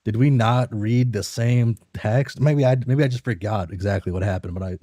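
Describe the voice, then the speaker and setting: A man's voice: on the low side, moderate pace, dark tone, dry recording. A man reading a webcomic aloud on a stream, musing and swearing freely as he reacts.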